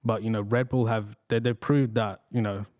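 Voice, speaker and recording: A man's voice: fairly low pitch, steady tone, normal speed, darkish tone, no room sound, studio quality. A young man co-hosting a podcast, talking casually and hesitantly with many fillers. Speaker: podcast co-host. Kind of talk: casual chat.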